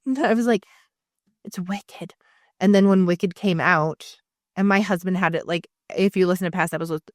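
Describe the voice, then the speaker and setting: A woman's voice: on the low side, dry recording, clean studio sound. A woman co-hosting a podcast, chatting casually in rambling tangents and swearing freely. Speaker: podcast co-host. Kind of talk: casual chat.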